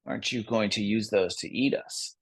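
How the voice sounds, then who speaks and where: A man voicing a small, wary pack rat in a told story, speaking hesitantly and quietly. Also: lowish voice, normal speed, breathy edge, dry recording. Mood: skeptical. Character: small timid skeptical male pack rat.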